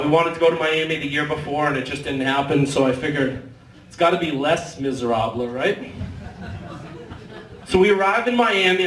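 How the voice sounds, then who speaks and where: A man with a high voice does stand-up comedy in a bar, spinning a wry, profane story. His voice is caught from a distance, in an echoey room with a faint hum of ambience behind it. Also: fairly bright tone. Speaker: stand-up comic. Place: bar stage.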